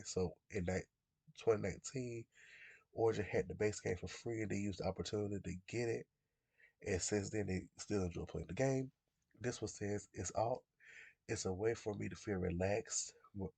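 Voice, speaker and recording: A man's voice: lowish voice, darkish tone, no room sound. A man in his twenties who is under the weather, casually chatting about a game as a YouTuber in a rambling, self-correcting way. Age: 20s. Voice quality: gravelly, husky. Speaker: gaming YouTuber. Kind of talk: casual chat.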